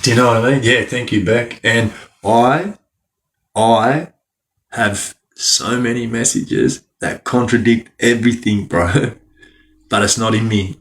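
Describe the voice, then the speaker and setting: A man's voice: mid-range voice, unhurried, a bit bright. A young Australian man chatting casually on a live stream, laughing often and talking in heavy slang. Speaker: livestreamer.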